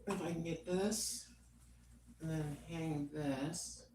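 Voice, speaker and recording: A woman's voice: low-pitched, slow pace, dark tone, slight background noise, poor audio. An older American woman chatting casually and rambling to her viewers at home. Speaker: vlogger. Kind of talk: casual chat.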